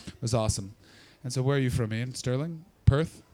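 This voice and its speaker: Doing a stand-up set and talking with the crowd, this man sounds raspy from voice loss. He swears loudly, moves at a brisk clip, and abruptly spikes into shrill, high-pitched shrieks.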